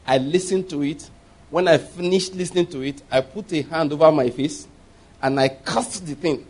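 A middle-aged man preaching a sermon, telling personal stories with animated quoted voices and laughing at his own tales. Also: on the high side, normal speed. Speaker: pastor.

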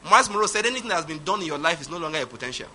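A man preaching a sermon, emphatic, swinging from loud declarations to quiet asides. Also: on the high side, big pitch swings, very fast, a little hiss or hum. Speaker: pastor.

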